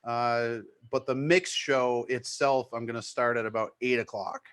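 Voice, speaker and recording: A man with a New England accent, a DJ chatting casually and excitedly about his show, rambling with fillers. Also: medium pitch, unhurried. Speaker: DJ promoting his live mix show. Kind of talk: casual chat.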